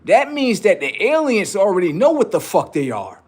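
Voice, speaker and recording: A man's voice: high-pitched, big pitch swings, moderate pace, few pauses. A man hosting a livestream who delivers a rambling, preachy and profane unscripted monologue. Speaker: livestream host.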